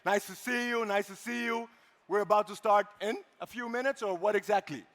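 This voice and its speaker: A high-voiced man working a conference crowd from the main stage, bantering playfully and calling out instructions. His voice rings with the long reverb of a big hall. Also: fairly quick, a bit bright. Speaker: event host. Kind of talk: live stage hosting.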